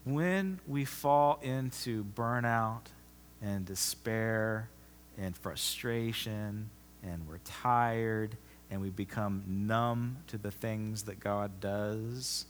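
A man preaching a sermon as pastor, emphatic, often repeating himself and swinging from loud to soft. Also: on the low side, extremely slow, slight background noise. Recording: long reverb of a large hall.

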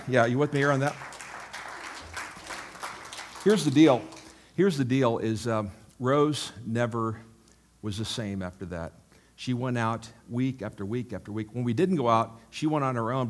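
A man preaching like he's telling a story over coffee, rambling and anecdotal, often asking the crowd if they're with him. His medium-pitched voice jumps louder on the punchlines and sinks low on the asides. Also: slight background noise. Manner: rambling anecdotal delivery, checks in with the audience. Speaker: pastor. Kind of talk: conversational storytelling sermon.

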